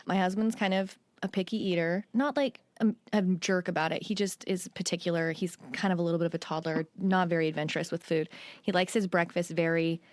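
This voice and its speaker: A woman's voice: fairly low pitch, fairly even intonation, fairly quick, no echo. A woman who is a podcast guest, telling funny stories in casual chat and laughing through them.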